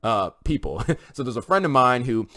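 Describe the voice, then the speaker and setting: A man's voice: medium pitch, big pitch swings, normal speed, sharp tone, dry recording. A man delivers an opinion monologue right into the camera. He talks with emphatic, preachy force and keeps turning to his viewers. His voice sits in a middle range, and the recording is dry and close. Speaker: commentary video host.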